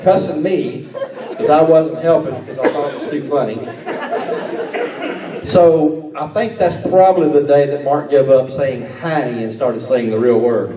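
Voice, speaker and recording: A man's voice: mid-range voice, measured pace, crowd noise. A man with a Texas accent, a sheriff giving a folksy, laughing speech at an awards dinner. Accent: Texan. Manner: folksy, drawling, laughs while telling stories. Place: banquet hall. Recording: roomy banquet hall, picked up from a distance.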